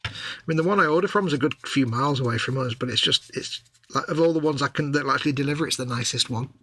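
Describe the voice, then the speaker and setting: Bright-voiced man, chatty. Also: mid-range voice, fast, breathy edge. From England. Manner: chatty, storytelling, wry exaggeration. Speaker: co-host of a live craft stream. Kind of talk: casual chat while working. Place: home workshop.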